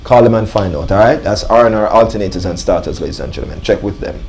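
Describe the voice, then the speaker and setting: A man hosts a live radio talk show from a studio. His voice sits fairly low, and he talks in an emphatic, preacher-like way, leaning on repeated phrases and calling out to his listeners. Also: quick pace. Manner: emphatic, repeats "ladies and gentlemen". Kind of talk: live talk radio monologue with sponsor reads.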